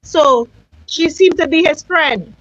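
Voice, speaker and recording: A woman's voice: high-pitched, slow, fairly bright tone, no echo, lo-fi sound. A middle-aged Trinidadian woman calling in to describe her family's eviction, earnest and repetitive, speaking Creole. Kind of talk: emotional call-in account.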